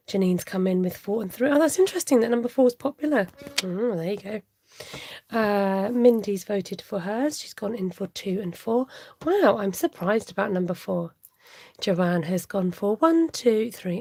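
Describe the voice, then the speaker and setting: A woman hosting a live card-making tutorial, chatting warmly as she reads out viewer votes and laughs often. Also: mid-range voice, dry recording. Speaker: card-making livestream host. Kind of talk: live crafting tutorial chat.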